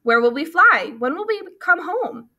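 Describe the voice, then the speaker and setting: Anxious young gosling, male, read by a woman, high pleading voice, storybook. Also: sing-song, moderate pace, pushed and bright, heavily acted. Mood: worried.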